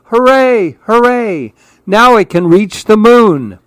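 A man doing a squeaky frightened little monkey. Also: expressive, slow, smooth, no echo. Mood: panicked. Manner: squealing, high and urgent. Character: small frightened excitable young monkey. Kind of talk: storybook reading.

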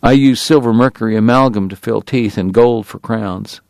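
A man's voice: fairly low pitch, normal speed, vocal fry, darkish tone, no echo. A man reading the part of a genteel, long-winded dentist in a Southern drawl. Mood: formal. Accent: Southern US drawl, put on. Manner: formal, long-winded, precise.

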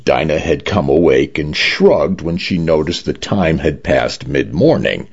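A man's voice: extremely low pitch, animated, unhurried, few pauses, husky. A man reading science fiction stories aloud as a radio narrator. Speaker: radio story reader. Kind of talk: scripted narration. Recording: dull lo-fi radio broadcast.

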